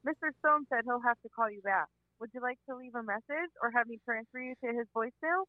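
A woman's voice: fairly high pitch, fast, no echo, close to an everyday voice. A woman playing a formal, polite female secretary at a law office, answering a call. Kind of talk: skit phone call. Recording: tinny phone line.

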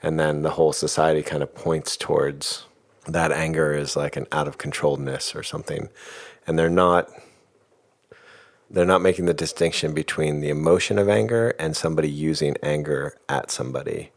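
A man's voice: very deep voice, steady tone, moderate pace, creaky. A middle-aged man talking thoughtfully about emotions in a casual, filler-heavy way. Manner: thoughtful, uses many fillers like "like" and "you know". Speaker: guest speaker on emotions. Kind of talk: reflective casual talk.

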